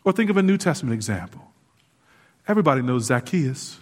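A man preaching a sermon as pastor, lively and casual with asides and laughs to the congregation. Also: mid-range voice, fast talker. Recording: hall reverb.

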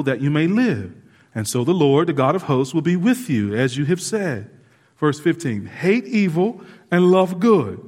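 A man preaching a sermon as pastor, lively and casual with asides and laughs to the congregation. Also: on the high side. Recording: hall reverb.

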